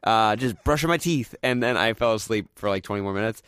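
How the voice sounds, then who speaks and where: A man's voice: lowish voice, fast talker, fairly bright tone, clean tone, no room sound, clean studio sound. A young man hosting a casual podcast, telling a rambling story full of "like" and acting out his own quotes. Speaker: podcast host.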